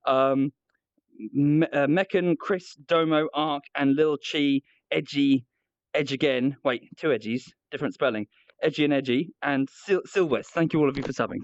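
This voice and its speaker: Man, livestreamer, rambling self-mocking banter, fairly high voice, dry close mic. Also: a bit bright, dry recording, muffled recording. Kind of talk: casual livestream chat.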